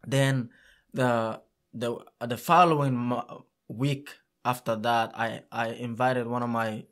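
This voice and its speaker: Guy telling camp stories in an interview, middle pitch, lots of restarts, animated. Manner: animated, halting, many restarts. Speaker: youth soccer camp organizer, guest. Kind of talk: casual storytelling in an interview.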